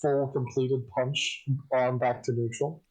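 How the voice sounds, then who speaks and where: A man's voice: medium pitch, fairly even intonation, slow pace, a little mellow, rough recording. A man chatting casually with friends, stubbornly arguing a nerdy point.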